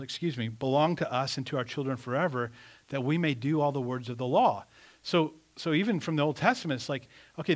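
Animated preaching man, conversational. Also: on the high side. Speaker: pastor. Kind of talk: sermon.

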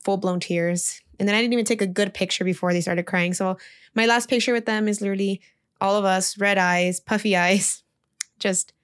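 A young woman talks straight to the camera in a loose, chatty vlog. She recounts her last day as a teacher and peppers her speech with "like". Her voice sits at an ordinary pitch for a woman. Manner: chatty, heavy use of "like", emotional retelling. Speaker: teacher leaving her job. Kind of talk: casual storytelling vlog.

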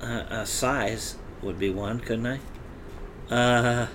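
A man's voice: mid-range voice, fairly even intonation, extremely slow, noisy background. Rambling, hesitant man playing a tabletop game. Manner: rambling, hesitant, laughs a lot. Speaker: player. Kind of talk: casual tabletop game chat.

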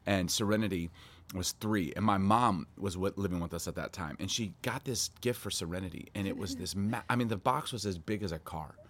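A middle-aged man telling family stories in a casual chat, animated and laughing often. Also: a little fast. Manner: animated storytelling, laughing, voice jumping high for quotes.

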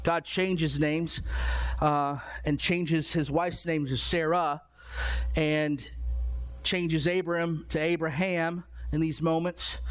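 A man preaching a sermon in an earnest way, often repeating words as he builds up to his point. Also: on the high side.

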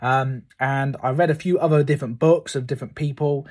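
A man's voice: medium pitch, fairly even intonation, brisk, a little mellow. A man, chatting to camera at home, rambling and filling his talk with "like". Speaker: host. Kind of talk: casual chat to camera. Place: room at home lined with books.

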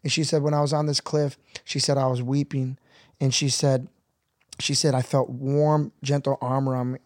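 A man's voice: medium pitch, moderate pace, no room sound. Earnest man, dry close sound. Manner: earnest, builds to excited bursts with laughter. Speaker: guest. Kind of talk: conversational storytelling.

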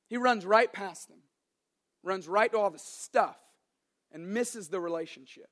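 A young adult man preaching a sermon as an animated, joking storyteller. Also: sits high, unhurried, pauses often. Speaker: pastor.

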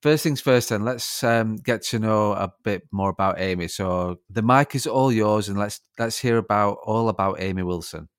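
Male podcast host, lowish voice, dry recording, light teasing banter. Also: moderate pace, hardly any pauses, smooth, no echo. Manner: jokey, teasing, laughs along. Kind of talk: casual interview chat.

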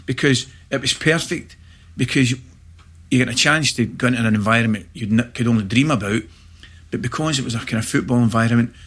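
A middle-aged Scottish man, a former footballer, telling lively anecdotes in casual chat, often checking in with "right?". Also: mid-range voice, breathy edge. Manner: animated anecdotes, quick asides like "right?". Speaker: former footballer and pundit guest.

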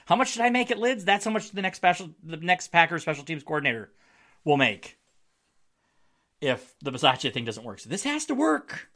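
A male podcast host riffing on his team's latest game in a loose, joking way, with frequent laughs. His voice is bright and forward, and his pitch rises and falls a lot. He sounds casual and chatty. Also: sing-song, normal speed. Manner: joking, wry, laughs often. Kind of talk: casual solo sports podcast.

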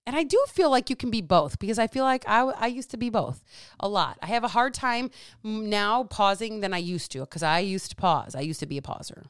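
Blunt, swearing woman with a smooth voice. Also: medium pitch, expressive, fairly quick, no echo, clean studio sound. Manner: blunt, emphatic, swears often, repeats phrases. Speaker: podcast host and nutrition coach. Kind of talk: casual monologue.

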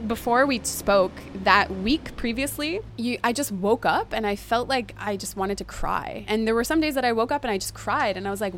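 A woman's voice: fairly quick, few pauses. Chatty woman around thirty telling a story. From Canada. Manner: animated storytelling, acting out quotes in a high voice, frequent "like" and "you know". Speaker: vlogger talking about moving abroad. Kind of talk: candid casual chat.

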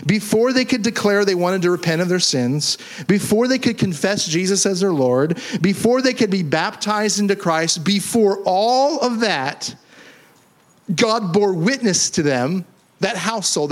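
Animated preaching man, higher voice. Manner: animated preacher, swings from hushed lows to raised emphatic highs. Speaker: pastor. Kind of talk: sermon. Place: church hall.

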